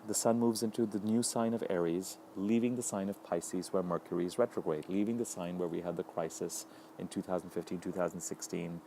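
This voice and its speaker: Male astrologer, lowish mellow voice, measured solo talk, faint hiss behind. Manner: thoughtful, unhurried, lists ideas in repeated phrases.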